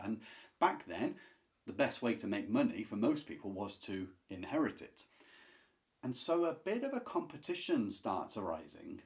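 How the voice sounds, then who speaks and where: A man reviewing classic books to camera in a casual, enthusiastic, chatty way, with asides and restarts. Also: fairly low pitch. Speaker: book reviewer.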